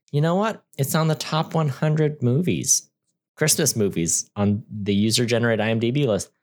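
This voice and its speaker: A man co-hosting a casual movie podcast, bantering in an easygoing, playful way. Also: medium pitch. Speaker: podcast co-host.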